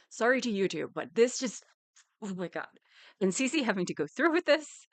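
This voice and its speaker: A woman's voice: medium pitch, very animated, a little fast, dry recording. A woman streaming a live reaction, ranting angrily and swearing, with bursts of laughter.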